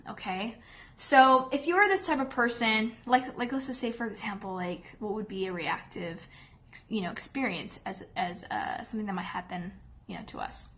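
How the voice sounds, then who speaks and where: A woman's voice: a little high, fairly bright tone. A woman dog trainer talking casually to camera, chatty and candid, often checking in with her viewers.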